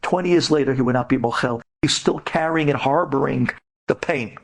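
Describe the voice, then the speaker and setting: A man, a rabbi, giving an inspirational storytelling lecture to women, dramatic and prone to loud, emphatic bursts. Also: mid-range voice, fairly quick, vocal fry.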